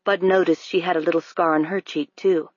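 Steady audiobook narrator, dry sound. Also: mid-range voice, brisk, dry recording. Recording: dry, dull lo-fi recording.

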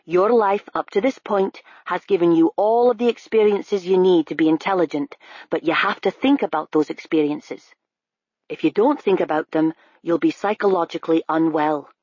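A blunt older constable with a teacherly bite, as a woman narrator reads him. The voice sits low and husky, recorded dry and a little dull, like a home-studio audiobook. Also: moderate pace, a little mellow, no echo. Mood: earnest lecturing. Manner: blunt, lecturing, sneering at times. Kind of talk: audiobook character voice.

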